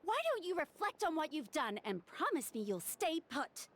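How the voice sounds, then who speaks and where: A woman's voice: high-pitched, big pitch swings, moderate pace. An actress voicing a worried young woman doctor who lectures and scolds in a video game cutscene. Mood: stern. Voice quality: exasperated, lecturing. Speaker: doctor and logistics handler.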